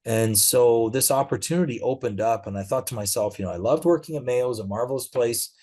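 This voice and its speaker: A middle-aged man speaking as a guest in a conversational interview, telling stories in a relaxed way with frequent fillers. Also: medium pitch, fast talker.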